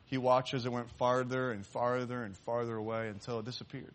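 Male pastor, mid-pitched, sermon storyteller. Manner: animated storyteller, voices the excited boy in a raised pitch; slows and softens for the closing appeal.

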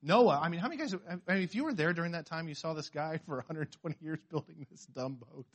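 Animated preaching man. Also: fairly high pitch, quick pace, hardly any pauses. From western United States. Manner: animated, conversational preaching with acted-out quotes and frequent restarts. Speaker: pastor. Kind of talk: sermon.

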